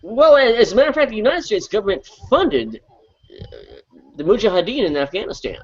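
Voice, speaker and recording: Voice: mid-range voice, sing-song, brisk, husky, muffled recording. A co-host ranting about politics, mocking opponents, laughing often and swearing freely. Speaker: podcast co-host. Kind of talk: profane political rant.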